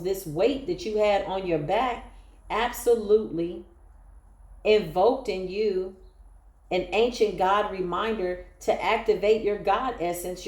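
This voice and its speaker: A woman's voice: medium pitch, a little mellow, roomy sound. Emphatic woman giving a tarot reading. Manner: emphatic, emotional, exclaims often. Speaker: tarot reader.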